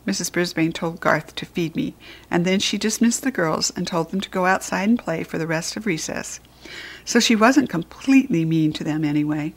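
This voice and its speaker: A woman's voice: lowish voice, moderate pace. Woman reading a children's story aloud. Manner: expressive, lively reading. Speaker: narrator reading a children's book.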